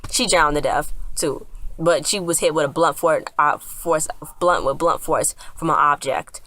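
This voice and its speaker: A woman's voice: low voice, unhurried, fairly bright tone. A woman casually recapping a TV episode, rambling with lots of fillers and restarts. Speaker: TV episode reviewer.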